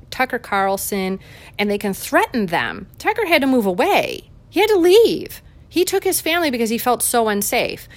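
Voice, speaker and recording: A woman giving a heated political commentary monologue, fiery, combative and sarcastic. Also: mid-range voice.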